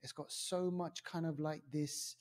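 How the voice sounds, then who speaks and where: A man reviewing a film on a podcast in casual chat, rambling with lots of fillers and animated asides. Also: on the high side, unhurried. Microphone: podcast mic.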